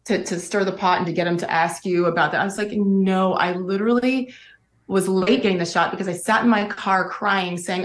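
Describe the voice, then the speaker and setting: Candid woman guest in a roomy clip. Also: mid-range voice. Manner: candid, earnest, with fillers like "like" and "um". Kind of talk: interview clip.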